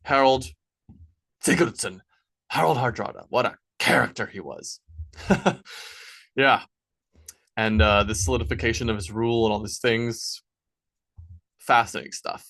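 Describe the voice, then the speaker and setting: A man narrating his own novel as an audiobook, then chatting in a relaxed way about writing it. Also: mid-range voice, a little slow, creaky, pauses often. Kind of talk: audiobook narration and casual afterword.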